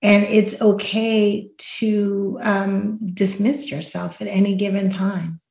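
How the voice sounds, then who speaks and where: A woman hosting a podcast, chatting casually and telling stories with lively acted-out quotes. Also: mid-range voice, slow pace, creaky, echoey room, poor audio. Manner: animated storyteller, acts out quotes. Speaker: podcast host. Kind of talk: casual chat.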